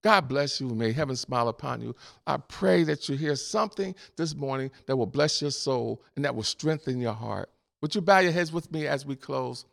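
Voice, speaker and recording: A man's voice: mid-range voice, animated, moderate pace, gravelly, fairly bright tone. A man preaching a sermon and leading a closing prayer, fervent and rhythmic, repeating phrases and chuckling between lines. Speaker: pastor.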